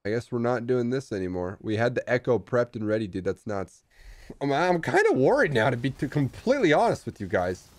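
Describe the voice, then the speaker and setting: A man streaming an auto-battler match and commenting live, excitable and swinging from low mutters to shouts. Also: brisk.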